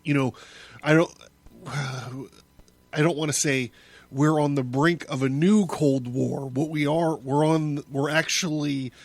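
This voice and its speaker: A man hosting his own podcast, talking through a casual solo monologue in a rambling way, with many restarts and chuckles. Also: medium pitch. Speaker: podcast host.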